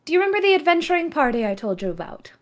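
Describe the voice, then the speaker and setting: A woman voicing a proud young noblewoman who talks in an excited, breezy way. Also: high-pitched, racing, pitched above the performer's own voice.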